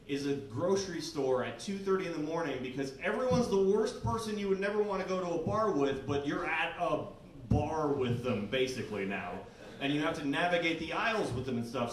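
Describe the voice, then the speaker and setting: A man's voice: a little high, lively intonation, a little fast. A young man doing a stand-up comedy set in a bar basement, rambling and self-deprecating, full of "like" and swearing. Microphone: handheld recorder out in the room. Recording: echoey basement, distant recorder, faint room noise.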